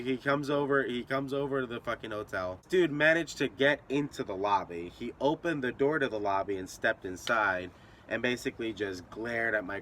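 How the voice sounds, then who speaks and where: Young man, casual storytelling vlog, profane, rambling, bright voice. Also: medium pitch, a little hiss or hum. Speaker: storyteller and channel host.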